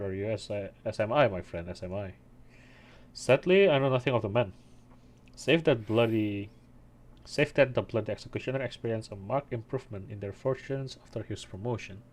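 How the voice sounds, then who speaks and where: A man voicing a gruff male pirate crew member, reading the game dialogue aloud haltingly over faint game music. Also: lowish voice.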